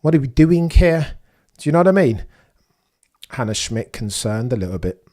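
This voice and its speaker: A young man hosting a live race watchalong, chatting excitedly to his viewers and firing off rhetorical questions. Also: mid-range voice, moderate pace. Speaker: livestream watchalong host.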